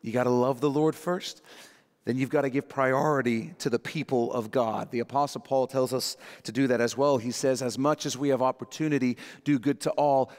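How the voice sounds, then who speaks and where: A man preaching a sermon as pastor, animated and acting out quotes in little voices. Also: mid-range voice, normal speed. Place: church sanctuary. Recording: long reverb of a church hall.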